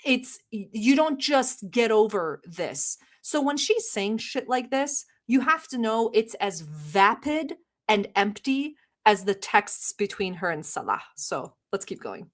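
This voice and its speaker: A woman's voice: fairly high pitch, big pitch swings, a little slow. Blunt, sarcastic woman ranting on camera. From Middle East. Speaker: commentary channel host. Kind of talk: reaction commentary.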